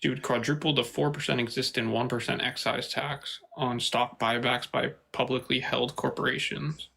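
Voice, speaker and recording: A man whose voice is gravelly and husky, with a bright, tense edge. He debates in a hesitant, halting way and reads out figures from his notes. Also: mid-range voice, fairly even intonation, poor audio. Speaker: debate opponent. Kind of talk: online debate, reading notes aloud.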